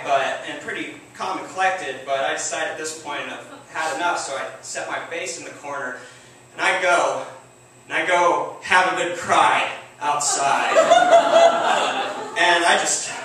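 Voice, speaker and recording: A man's voice: fairly high pitch, pushed and bright, slight background noise. Wry man telling a story in an echoey room. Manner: wry, self-mocking, halting with fillers. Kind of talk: live stage storytelling. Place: theater stage. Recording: echoey room, distant mic.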